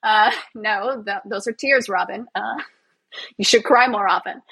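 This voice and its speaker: A woman with a slightly husky voice talks as a podcast guest. She is sarcastic and self-mocking, laughs often, and keeps her pitch in a middle range. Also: measured pace, pushed and bright, rough recording. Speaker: podcast guest, physiotherapist and actor. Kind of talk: casual interview chat.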